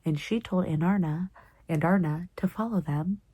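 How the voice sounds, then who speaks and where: A young woman book vlogger gives casual reading-vlog commentary, reacting emotionally as she reads and loosely retelling the plot, often dropping into a whisper. Her lowish voice is dark and slightly rough, at a moderate pace, in a dry recording.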